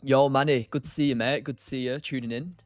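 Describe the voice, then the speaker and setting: A man's voice: medium pitch, fairly even intonation, fast, no echo, faint music behind. A young man from England hosting a live trading stream, chatting casually, answering chat by name and laughing often. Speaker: livestream day trader host.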